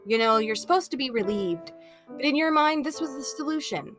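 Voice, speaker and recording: A young woman hosting a let's play, reading a story game aloud and reacting to it in a chatty, expressive way. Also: high-pitched, fairly quick. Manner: chatty, expressive, laughs often. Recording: voice over background music.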